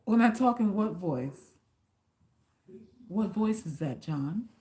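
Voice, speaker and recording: A woman talks casually to her viewers on a live stream. She reads out their comments and answers with blunt, slangy teasing and some cursing. Her pitch sits in the ordinary middle. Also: expressive, slow, mellow. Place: South Florida.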